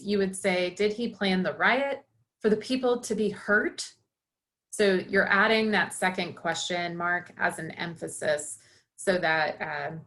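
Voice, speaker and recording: Woman lecturing steadily on writing rules. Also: mid-range voice. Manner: explanatory, steady with occasional fillers and self-corrections. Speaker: journalism instructor. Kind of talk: recorded lecture.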